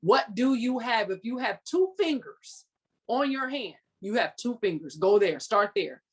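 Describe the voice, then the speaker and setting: A woman's voice: a little high, lively intonation, a little slow, breathy edge. A woman guest on a podcast giving a firm motivational talk, pressing the listener with direct commands. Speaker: podcast guest, business coach.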